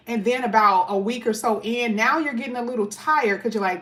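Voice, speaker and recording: A woman's voice: fairly high pitch, brisk, hardly any pauses, fairly bright tone. A woman talking casually through a tarot card reading. She is chatty and emphatic and stretches out key words. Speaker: tarot reader.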